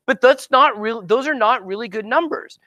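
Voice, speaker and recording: A middle-aged man giving an informal marketing seminar in a lively, conversational way, often checking in with "right?". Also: very high-pitched, moderate pace. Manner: conversational, animated, keeps asking "right?". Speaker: marketing speaker and actor coach.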